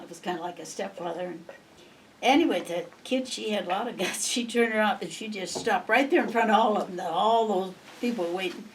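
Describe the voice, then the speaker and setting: Older Montana woman, interviewee; rambling, chuckling storyteller, recorded off-mic with faint hiss. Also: medium pitch. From Montana, USA. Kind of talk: oral history storytelling. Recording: distant mic, faint background noise.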